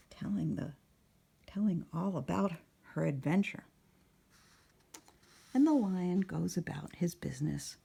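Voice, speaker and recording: A woman narrating a picture book at storytime, speaking softly and often slipping into a whisper, asking the listener questions. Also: on the low side, a little slow, vocal fry, pauses often, breathy edge. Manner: soft, often sliding into a whisper.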